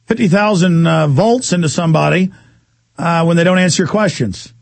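A man hosting a call-in radio show, ranting fast and indignantly and mocking officials in put-on voices. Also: a little high, gravelly, dry recording. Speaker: radio talk show host.

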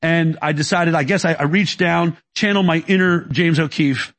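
A man as an interview guest, telling a long story emphatically and quickly, acting out dialogue and restarting sentences. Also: a little high, fairly bright tone. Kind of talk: animated storytelling in conversation.

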